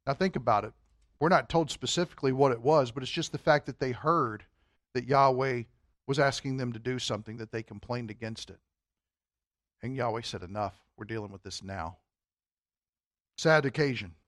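Lively man teaching Sunday school. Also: high voice, no room sound, studio quality. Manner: animated, rising loud when reading scripture, joking asides. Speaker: pastor.

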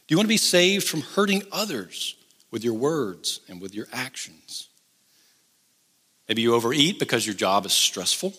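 A middle-aged man with a drawl delivers a sermon, moving from pointed questions to easygoing humor. His pitch is animated and swings widely. The sound rings out in a large hall with long reverb. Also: moderate pace, breathy edge. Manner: conversational, joking asides. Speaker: pastor.

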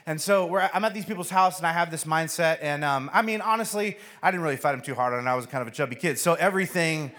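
A man's voice: fast, hardly any pauses. A man preaching a sermon, telling a funny story with acted-out voices. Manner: storytelling, acts out voices with animated pitch jumps. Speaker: pastor.

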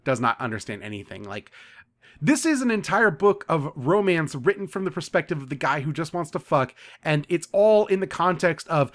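A man's voice: fairly high pitch, very animated, moderate pace, fairly bright tone. A man in a casual podcast chat, retelling a novel's plot in a sardonic, profane way. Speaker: podcast co-host. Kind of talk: casual chat, book recap.

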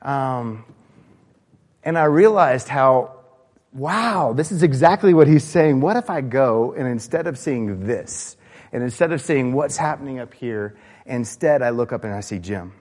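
A man's voice: medium pitch, lively intonation, unhurried, darkish tone. A man from the American South, preaching an informal, conversational sermon and putting questions to the congregation. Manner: informal, asks the congregation questions, frequent fillers and restarts. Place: church sanctuary. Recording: long reverb of a church hall.

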